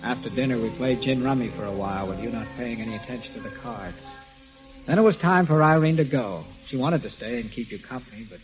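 A man narrates in the first person, in the earnest, subdued way of 1940s radio drama. His voice is mid-pitched. The recording is muffled and lo-fi, with music playing under him. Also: fast talker.

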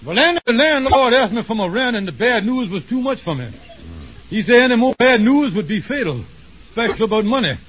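A man's voice: very high-pitched, sing-song, brisk, breathy edge, exaggerated voice. A man playing a scheming male con man who fakes illness, groaning melodramatically in 1940s radio acting. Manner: melodramatic groaning, fake sick. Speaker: lead comic character. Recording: muffled old radio recording, faint hiss.

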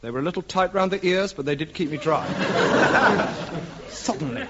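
A man narrating a comic radio sketch in a melodramatic storyteller's manner, with deadpan asides. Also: sits high, unhurried, over a noisy crowd. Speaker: comedy performer. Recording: lo-fi old radio recording, heavy hiss.

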